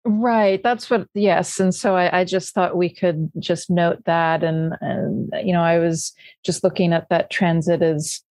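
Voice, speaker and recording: A woman co-hosting an astrology talk, speaking in a thoughtful, halting way with many restarts. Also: fairly low pitch, fairly even intonation, a little mellow, dry recording. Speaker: astrology podcast co-host. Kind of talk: casual reflective conversation.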